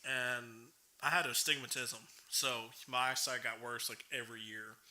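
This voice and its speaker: A man's voice: medium pitch, steady tone, normal speed, sharp tone. A young man co-hosting a casual podcast chat, giggling often and saying "dude" and "bro". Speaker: podcast co-host. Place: podcast studio.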